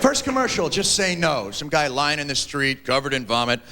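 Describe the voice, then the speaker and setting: Stand-up comic, thirties, man; high, very lively delivery that breaks into shouts, on a VHS-era TV taping with a laughing crowd. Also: normal speed, heavy background noise. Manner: animated, shouting punchlines, mock voices. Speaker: stand-up comedian. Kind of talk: stand-up comedy set. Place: large theater stage with audience. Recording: 1990s VHS TV broadcast, hall reverb, laughing crowd. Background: audience laughter.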